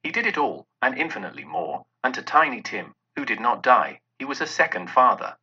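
A man reading a classic story aloud in an expressive, dramatic storybook narration. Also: medium pitch, a little fast, slightly rough. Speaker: reader. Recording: dull lo-fi recording.

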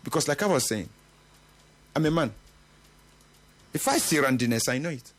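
A man's voice: fairly high pitch, lively intonation, normal speed. A middle-aged man, hosting a morning radio talk show in an earnest, emphatic way. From Nigeria. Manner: earnest, emphatic, with occasional laughs. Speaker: radio host.

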